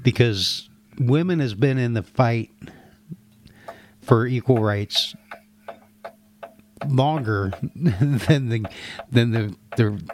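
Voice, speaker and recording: Slow-talking joking man with faint hiss. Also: medium pitch, darkish tone. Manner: laughing, joking, reads chat aloud. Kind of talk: crude casual chat.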